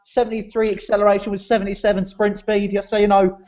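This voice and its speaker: A man's voice: high voice, level tone, quick pace, a little mellow. A man joking around in a casual football fan chat, playful and teasing. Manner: jokey, playful. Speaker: fan panelist. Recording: dull lo-fi sound.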